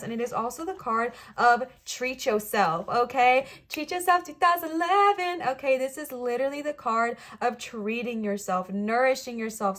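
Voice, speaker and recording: A woman's voice: on the high side, fairly bright tone. A young woman giving an emotional, encouraging tarot reading, speaking straight to her viewers. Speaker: tarot reader.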